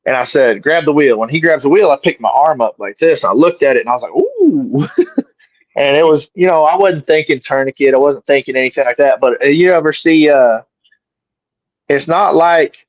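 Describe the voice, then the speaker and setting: A man's voice: on the high side, fairly quick, no room sound. A middle-aged man, an interview guest, casually telling a story and animatedly acting out his own lines. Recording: dry, slightly dull sound.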